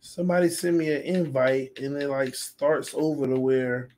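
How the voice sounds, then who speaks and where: A man with a hoarse, fading voice hosting a casual gaming livestream, excitable and trash-talking as he reads viewer comments aloud. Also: mid-range voice, moderate pace, a little hiss or hum. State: hoarse, losing his voice. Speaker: sports channel host.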